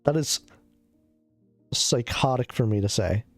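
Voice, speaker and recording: A man's voice: medium pitch, a little slow, dry recording, faint music behind. A man streaming a casual chat while sick. He coughs, sounds loopy and rambles, swearing a lot.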